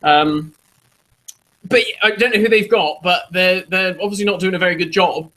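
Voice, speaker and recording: A man's voice: high-pitched, moderate pace, bright, forceful tone, rough recording. A man co-hosting a casual chat show, telling loose stories with laughter and swearing. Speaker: podcast co-host.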